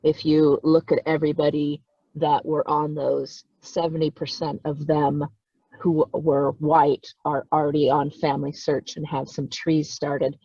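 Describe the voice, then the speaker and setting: Her voice sits low and dark, slightly rough, with little pitch movement and a somewhat slow pace, recorded dry. On a video call with dull audio, this volunteer genealogist tearfully gushes and keeps repeating herself as she shares emotional remarks.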